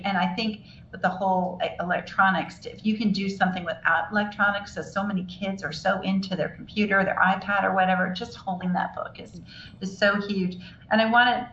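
As a guest in a casual interview, an older woman who writes children's books chats enthusiastically and rambles, often restarting her sentences. Her voice is medium-pitched and a bit bright. The recording sounds echoey and dull, with faint noise.

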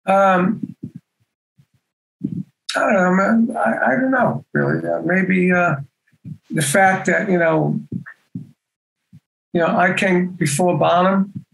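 A man's voice: sits high, slow, vocal fry, pauses often, a bit bright, low-quality recording. An older man chatting as a guest in a casual interview, rambling and leaning on lots of "you know" fillers. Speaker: guest musician.

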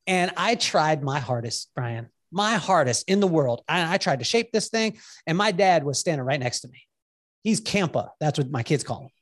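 Dad guest on a podcast telling stories, gets animated, acts out the quotes, restarts a lot. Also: male voice, on the high side. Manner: lively storyteller who acts out quotes and sings bits; halting restarts when explaining. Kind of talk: animated storytelling in conversation.

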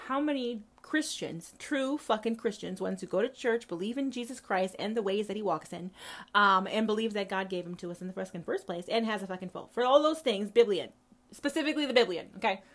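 A woman hosting a podcast, delivering a profane, impassioned monologue straight to her listeners, repeating herself for emphasis and swinging between quiet and loud. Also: a little high. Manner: profane, fiery ranting with big swings in volume. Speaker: podcast host.

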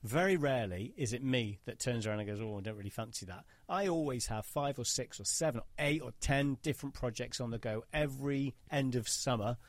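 Bantering podcast host, dry close mic. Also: male voice, medium pitch, fairly quick, few pauses, no echo. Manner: banter, swears casually, teasing. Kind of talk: casual podcast chat.

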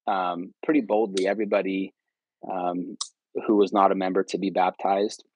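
Podcast guest, man, low-pitched, chatty and rambling, dry close sound. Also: no echo, low-quality recording. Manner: rambling, many ums and restarts. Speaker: podcast guest, returned missionary. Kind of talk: casual storytelling interview.

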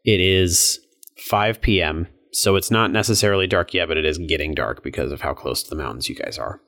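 느긋하게 진행하는 낮은 목소리의 남자 게임 마스터. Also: male voice, deep voice, fairly quick. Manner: relaxed, hesitant, many restarts. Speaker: game master. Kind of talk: narrating a tabletop game.

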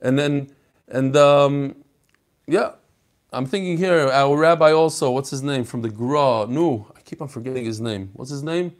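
A man hosting a Torah class, telling stories in an animated, casual way, mixing in Hebrew and Yiddish terms. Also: medium pitch, measured pace. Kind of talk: casual daf yomi class talk.

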